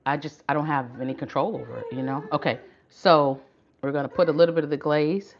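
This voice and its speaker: A woman's voice: low voice, fairly even intonation, brisk. An older woman hosting a live cooking stream, chatty and encouraging in a folksy way. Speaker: cooking livestream host. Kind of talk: casual live cooking chat. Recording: muffled lo-fi livestream audio, faint room hum.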